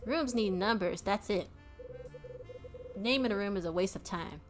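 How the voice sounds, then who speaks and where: A woman's voice: medium pitch, moderate pace, faint music behind, lightly acted. A woman voicing a blunt, impatient former cop who speaks in curt, dismissive lines.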